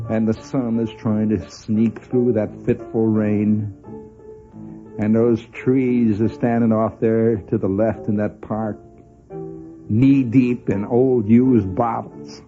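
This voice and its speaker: A man telling a long story on the radio in an animated, conversational way, often laughing as he goes. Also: medium pitch. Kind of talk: spoken storytelling monologue. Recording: dull lo-fi old radio recording.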